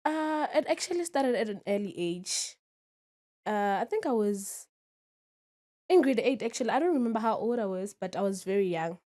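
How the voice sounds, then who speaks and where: A woman's voice: medium pitch, animated, moderate pace, dark tone. Young woman speaking candidly. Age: 20s. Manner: candid, keeps asking "you understand?". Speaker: guest. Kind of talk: casual interview.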